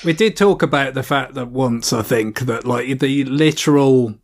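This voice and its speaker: Hesitant, rambling podcast co-host. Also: male voice, medium pitch, normal speed. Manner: rambling, hesitant, many fillers and restarts. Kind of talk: casual gaming podcast chat.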